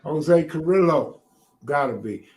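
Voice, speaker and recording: A man's voice: a little high, animated, unhurried, darkish tone. A man hosting a live stream, talking loosely and laid-back with slang. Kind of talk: casual chat.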